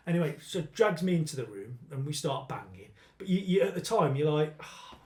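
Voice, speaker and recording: Brit guy telling a filthy story, slightly high voice, lively, echoey room. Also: a little fast, few pauses. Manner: crude, animated storyteller acting out quotes. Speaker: podcast host. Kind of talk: casual storytelling banter.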